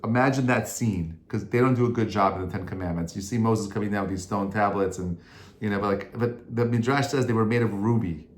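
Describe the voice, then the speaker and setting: A male rabbi giving an informal Torah class, chatty and conversational, rising now and then to emphatic, forceful peaks. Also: on the low side, fairly even intonation, brisk, echoey room.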